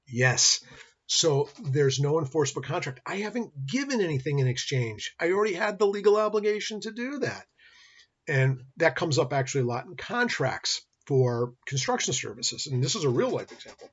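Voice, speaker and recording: A man's voice: medium pitch, breathy edge, lo-fi sound. A middle-aged man, teaching college business law in a recorded lecture and telling folksy stories. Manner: folksy storyteller, acts out dialogue. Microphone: built-in computer or webcam mic.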